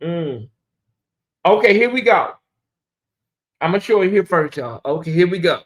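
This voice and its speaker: A man hosting a casual live-stream commentary, chatty and animated, often calling out to viewers. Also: high-pitched, moderate pace. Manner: animated, chatty, laughs and addresses viewers as y'all. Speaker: commentary channel host.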